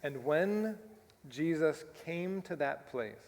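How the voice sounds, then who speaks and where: A male pastor preaches in a conversational way, with a voice a little higher than most men's. He often checks in with rhetorical asides. His words ring out with the long reverb of a church sanctuary. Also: lively intonation, slow pace, creaky, a little mellow. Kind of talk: sermon.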